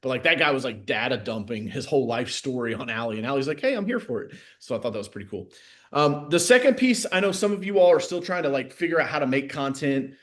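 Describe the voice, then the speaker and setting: A man in a middle pitch coaches a live online class in an easy, off-the-cuff way. He leans on fillers and swings from loud, excited bursts to quiet, muttered asides. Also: fast talker. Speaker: sales coach. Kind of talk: casual live masterclass talk.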